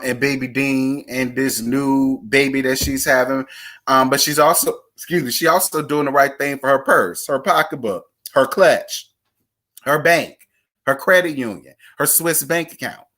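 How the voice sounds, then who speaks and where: A man's voice: mid-range voice, sharp tone. A man, sassy and dramatic as he chats casually about reality TV gossip. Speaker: gossip vlogger.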